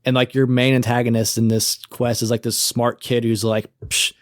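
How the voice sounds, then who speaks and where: A man chatting casually as a podcast co-host, retelling scenes with lively swearing. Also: medium pitch, normal speed, no room sound, clean studio sound. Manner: animated storytelling, acts out quoted characters, swears casually. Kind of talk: casual chat.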